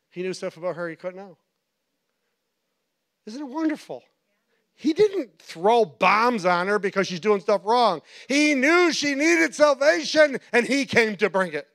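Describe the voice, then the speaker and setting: A male pastor preaching a sermon, telling stories with animated quoted voices and frequent laughter. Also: high-pitched, measured pace, creaky, pauses often. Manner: animated storytelling, acts out quotes, laughs often. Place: church.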